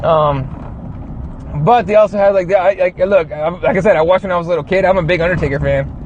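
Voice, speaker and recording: A man with a fairly high voice rants casually and swears freely, rambling from point to point and reading viewer comments as they come in. He talks from inside a car, and the sound is dull and lo-fi with faint road noise. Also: quick pace, darkish tone. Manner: rambling, swears a lot, reads chat comments aloud. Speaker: show host. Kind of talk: casual profane rant.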